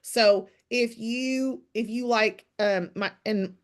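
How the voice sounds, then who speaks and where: Woman, fairly high voice, chatty, direct, motivational coaching, casual call talk over a video call. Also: slow pace. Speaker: team leader hosting a morning business call.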